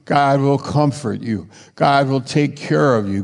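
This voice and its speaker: A man preaching in a slow, deliberate way, his voice gravelly at the edges. He pauses often, then surges upward into emphatic bursts. The sound rings out with a long hall reverb. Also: a little mellow. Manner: slow and halting, rising to emphatic high bursts. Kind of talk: sermon.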